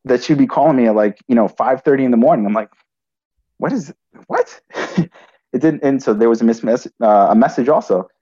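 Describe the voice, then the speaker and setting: On dull-sounding audio, a medium-pitched, mellow-voiced man recounts something from his own life to someone. His delivery stalls and restarts frequently, peppered with "right?" tags.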